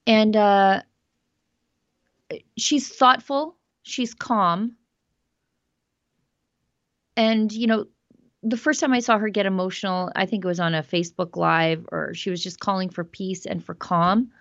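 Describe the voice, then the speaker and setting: A woman hosting a news commentary show, talking in an emphatic, animated way. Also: medium pitch, measured pace, long pauses, no room sound, highs cut off. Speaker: host.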